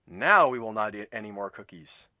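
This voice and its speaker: A man voicing Frog, a calm and patient male frog from a children's storybook, who speaks in a measured, matter-of-fact way. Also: fairly low pitch, no room sound, clean studio sound, pitched below the performer's own voice.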